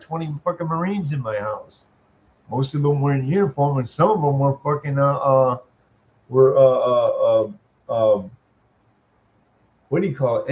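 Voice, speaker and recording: A man in his sixties with a voice he calls squeaky, ranting bluntly and swearing a lot as he comments. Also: a little hiss or hum. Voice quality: self-described squeaky voice. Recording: muffled lo-fi audio.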